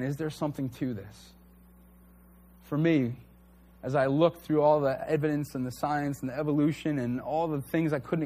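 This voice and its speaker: A man's voice: a little high, darkish tone. A man preaching a conversational sermon to a church congregation, earnest and candid. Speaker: pastor.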